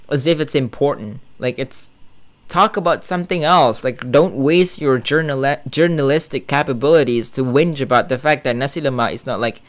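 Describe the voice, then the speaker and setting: A man's voice: mid-range voice, fairly bright tone. A young man with a Malaysian accent reacts to online posts in a loose, exasperated rant. He rambles, trips over his words and swears freely. He is talking in an ordinary room indoors. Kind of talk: casual rant.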